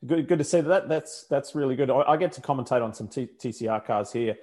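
A man's voice: medium pitch, a little fast, a little mellow. An Australian man, a motorsport commentator, chatting casually and rambling with frequent self-corrections. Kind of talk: casual chat.

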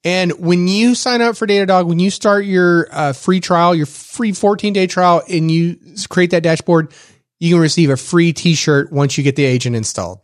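A man's voice: high voice, normal speed, no room sound, clean studio sound. A man co-hosting a tech podcast, chatting casually and joking, with frequent fillers. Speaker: podcast co-host. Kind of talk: casual chat.

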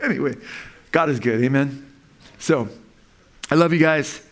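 A man's voice: mid-range voice, unhurried. A man preaching a sermon as pastor, talking in a casual, conversational way and often checking in with "amen?". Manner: conversational, tags lines with "amen?".

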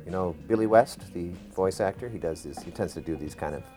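A middle-aged man, a podcast guest, telling stories in a relaxed way with trailing restarts. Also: deep voice, brisk, faint music behind. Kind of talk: podcast interview.

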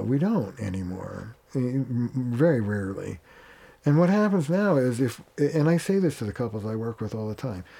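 A man with a mellow, warm-toned voice talks as a family therapist being interviewed. He is plain-spoken and casual, and he slips into quoted lines of dialogue to make his points. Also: medium pitch, vocal fry. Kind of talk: conversational interview.

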